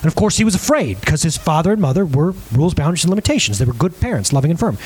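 A man delivers a lively sermon to a live audience. His voice sits high and swings widely as he acts out everyday moments and keeps turning to the listeners with quick questions. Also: slightly rough. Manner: animated, acts out scenes in different voices; chatty, asks the crowd questions.

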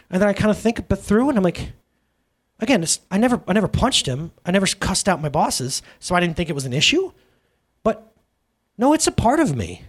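A male pastor preaching in a lively, conversational way, often checking in with the audience through questions. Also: high-pitched, fast. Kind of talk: sermon.

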